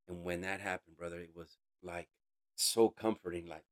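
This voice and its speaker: A man giving an emotional personal testimony in an interview, earnest, calling the listener bro, voice rising high and dropping to a hush. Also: fairly even intonation, moderate pace. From United States. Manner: swings between raised intensity and hushed quiet. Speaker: interview guest.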